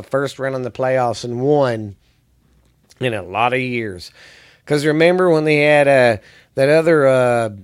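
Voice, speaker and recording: A man's voice: medium pitch, clear, resonant tone. A man hosting a sports podcast, ranting angrily and rambling with lots of cursing. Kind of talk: profane ranting commentary.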